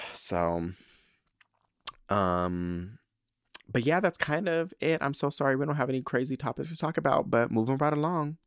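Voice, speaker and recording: A man hosts his podcast in loose, casual chat, full of sass and slang. His pitch swings widely from high squeals to low drops. The sound is close and dry, with no room around it. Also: moderate pace, pauses often, no room sound. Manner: sassy, animated, heavy slang. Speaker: podcast host.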